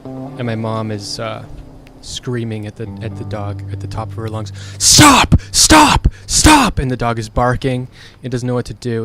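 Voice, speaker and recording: A young man with a mid-pitched voice tells a personal story off the cuff. He sounds frank and exasperated and swears freely, with faint music playing underneath. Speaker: streamer. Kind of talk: casual storytelling monologue.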